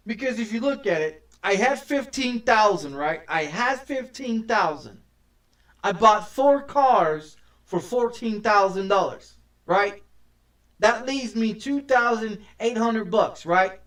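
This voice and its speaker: Male game streamer, high voice, slow unhurried delivery, cusses constantly, stumbles and repeats himself, set back from the mic. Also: a bit bright, far from the mic. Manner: profane, ranting, stammers and repeats words. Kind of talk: casual gameplay commentary.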